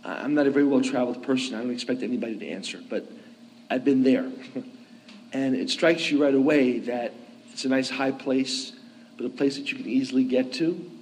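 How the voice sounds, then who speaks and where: A man's voice: medium pitch, darkish tone, slight background noise, rough recording. A man giving a conversational sermon, often asking his listeners "okay?" and "right?" to check that they follow him. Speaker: priest.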